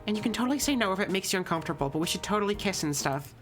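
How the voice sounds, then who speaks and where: A voice actor reading a fan game aloud and voicing a cheery but nervous, people-pleasing young woman in a high, timid, stammering voice. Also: expressive, a bit bright, soft background music, lightly acted. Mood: anxious. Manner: timid, fast apologetic delivery with stammers.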